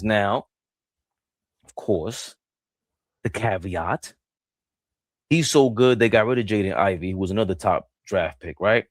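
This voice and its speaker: A man co-hosting a casual basketball talk show, animated and joking, laughing in the middle of his sentences. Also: a little slow, pauses often, dry recording. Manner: animated, laughs mid-sentence, swings between loud and low. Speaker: co-host.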